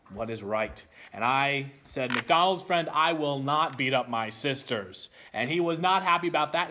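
A man preaching a sermon, telling a childhood story with animated delivery before explaining a Bible passage. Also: fairly high pitch, a little hiss or hum. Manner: animated storytelling, acts out voices.

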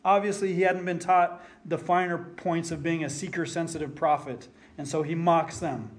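A man preaching an expository sermon and reading scripture aloud. He talks emphatically, slowing down and dropping nearly to silence to stress a point. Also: a little high, fairly even intonation. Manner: emphatic, slows down and drops to near silence for stress.

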